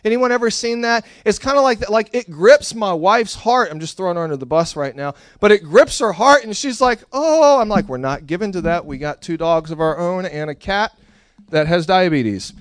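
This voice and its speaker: A young pastor preaching with a high, bright-toned voice. He tells stories and acts out the dialogue with animated energy. The sound is dry and close, with no room echo. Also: a little fast. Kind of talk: sermon.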